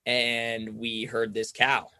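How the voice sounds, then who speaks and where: A young man tells a rambling story in a relaxed, chatty way. He fills his talk with "like" and slips into quick impressions of other people. His voice sits mid-range and sounds close and dry, with little room sound. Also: medium pitch, no echo. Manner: rambling, says "like" constantly, acts out quoted voices. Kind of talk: casual storytelling chat.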